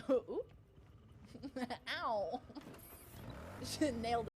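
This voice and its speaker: A woman's voice: a little high, lively intonation, very slow, a little hiss or hum. A woman streaming games, chatting playfully with her viewers and laughing often. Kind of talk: live-stream gaming chat.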